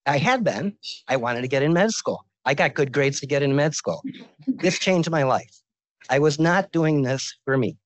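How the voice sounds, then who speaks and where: A man's voice: fairly high pitch, lively intonation, moderate pace, no room sound, poor audio. Older man giving a joking medical lecture. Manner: informal, joking storyteller. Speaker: visiting professor of medicine.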